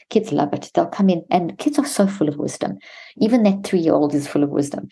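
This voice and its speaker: Lowish warm-voiced woman on a podcast, earnest, going through the steps with examples. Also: lively intonation, a little fast, vocal fry, breathy edge. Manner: earnest, instructive, walks through examples step by step. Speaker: podcast guest, mental health expert. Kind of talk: explaining steps in a podcast interview.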